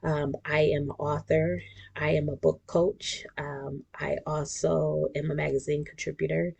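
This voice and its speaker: A woman's voice: low-pitched, gravelly, darkish tone, breathy edge. A woman, hosting her own podcast as a casual monologue that is chatty and emphatic, with laughs and whispered asides. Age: 40s. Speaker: podcast host.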